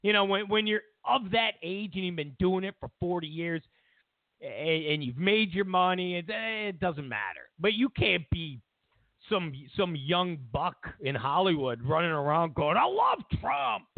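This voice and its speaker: Male talk host, high gravelly voice, slow rambling rant, restarts, tinny phone-like sound. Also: no echo. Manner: animated, rambling, with many restarts and mocking quoted voices. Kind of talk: opinionated political commentary. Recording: dry, phone-like narrow sound.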